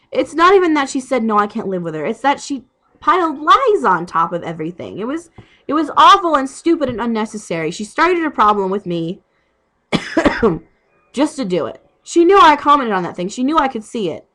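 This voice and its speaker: A woman's voice: mid-range voice, animated, fairly quick, fairly bright tone. A young woman who is sick with a cough, ranting casually and profanely about a friend. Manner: exasperated, profane ranting storytelling. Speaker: vlogger. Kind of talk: casual rant.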